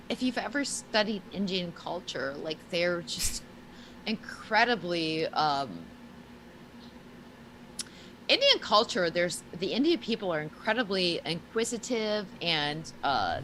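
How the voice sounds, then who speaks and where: A woman in her forties talks casually on a live stream, her voice swinging widely up and down. She swears freely and leaps high when excited. A faint hiss sits under her voice. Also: low-quality recording. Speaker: podcast guest.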